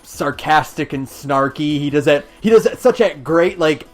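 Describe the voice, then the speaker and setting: A man's voice: fairly high pitch, animated, moderate pace, soft background music. A man co-hosting a podcast in casual chat, enthusiastic but hesitant in his phrasing. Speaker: podcast co-host.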